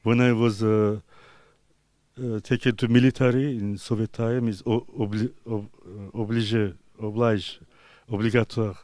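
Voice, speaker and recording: Man, native Talysh speaker, halting broken English, low smooth voice, dry close sound. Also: little pitch movement, dark tone, dry recording. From Azerbaijan. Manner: halting broken English with many pauses and fillers. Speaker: artist being interviewed. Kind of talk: casual interview answers.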